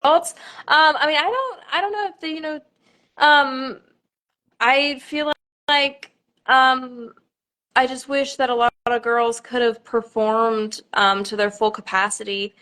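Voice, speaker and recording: A woman's voice: sits high, fairly even intonation, slow pace, sharp tone. A young woman, a pageant contestant, chatting on a live stream with nervous laughter and many fillers.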